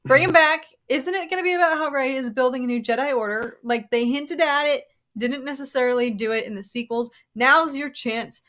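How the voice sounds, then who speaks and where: An American woman co-hosting a casual livestream chat, excitable and quick to laugh as she talks to her viewers. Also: high-pitched. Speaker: livestream co-host.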